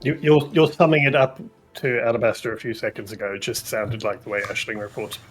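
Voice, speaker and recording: A player in a tabletop game, teasing the others with quick restarts. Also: medium pitch, fairly even intonation, faint music behind. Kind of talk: casual tabletop play.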